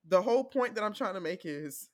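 A woman from the American South co-hosting a podcast in casual chat, telling animated stories and laughing often. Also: medium pitch, brisk, dry recording, clean studio sound. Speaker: podcast co-host.

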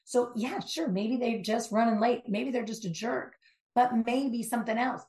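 A middle-aged woman from Southern California, a life coach speaking as an interview guest, emphatic and animated, with quick asides. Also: a little high, roomy sound. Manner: animated, emphatic storytelling with asides and mock voices. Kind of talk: conversational interview.

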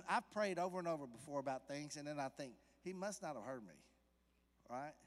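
Preacher with a raised voice in a reverberant hall. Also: male voice, fairly high pitch, lively intonation, fairly quick, a little hiss or hum. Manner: conversational preaching that swells to loud emphatic peaks; questions the congregation directly. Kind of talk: sermon. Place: church sanctuary.

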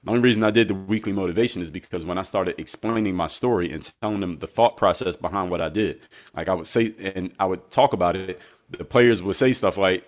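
A man, a guest and basketball coach, telling his story in a measured, reflective way during a conversational interview. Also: low voice.

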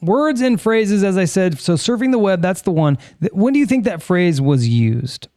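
A man's voice: high-pitched, sing-song, normal speed, mellow, no room sound, clean studio sound. A man co-hosting a casual podcast, joking and reading out listener comments. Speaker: podcast co-host.

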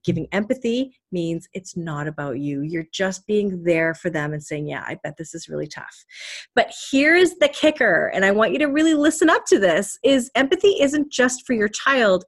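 A middle-aged woman talks through a parenting podcast from her home office, her voice sitting a little high. She coaches in an earnest, encouraging way and keeps checking in with the listener. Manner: earnest coaching tone, frequent rhetorical "right?". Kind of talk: podcast monologue.

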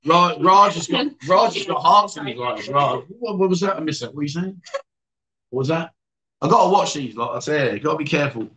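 A slightly high male voice, pushed and bright, moves at a brisk, expressive clip. The speaker hosts a casual livestream inside a bar or venue, where he reads viewer comments and jokingly teases his guests.

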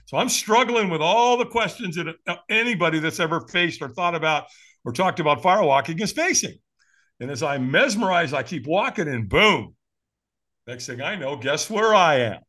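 This American firewalk instructor, guesting on a podcast, speaks at an ordinary pace in a fairly high-pitched voice. He narrates a story with lots of energy, imitating the people he quotes and chuckling often along the way.

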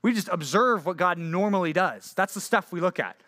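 A young man delivers a youth sermon with a bright, forceful voice pitched a little high. He preaches in an animated, conversational way, firing off rhetorical questions. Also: normal speed. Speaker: youth pastor. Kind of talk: sermon to junior high students.

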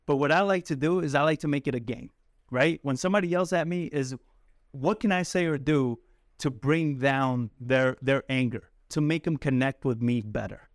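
A man coaching cold callers in a casual, talkative way who laughs often and acts out calls in a soft apologetic voice. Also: medium pitch, moderate pace, no room sound, clean studio sound. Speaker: sales coach. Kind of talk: coaching talk to camera.

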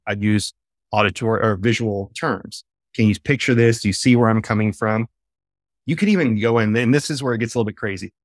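A man speaking as a podcast guest from his home office over a video call, explaining things in an animated way and telling stories eagerly. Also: medium pitch, no echo, studio quality. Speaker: podcast guest, face-reading trainer. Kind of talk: casual interview chat.

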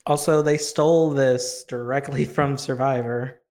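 A man's voice: medium pitch, steady tone, unhurried, a little mellow. Casting: man, co-host, dry wry asides, casual chat.

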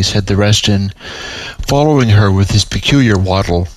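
A man narrating his own story aloud in a plain, steady way. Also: fairly low pitch, normal speed, no room sound, poor audio. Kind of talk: audiobook narration.

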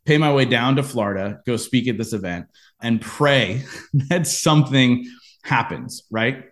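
A man in a podcast interview, telling a personal business story with lively acted-out quotes. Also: mid-range voice, measured pace. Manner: animated storyteller, acts out quoted lines. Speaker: podcast guest, entrepreneur.

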